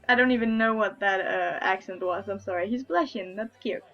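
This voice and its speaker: A woman's voice: mid-range voice, normal speed, few pauses, fairly bright tone, highs cut off, soft background music. A woman reading a story game aloud in a casual let's-play, giggly and self-mocking, with some swearing.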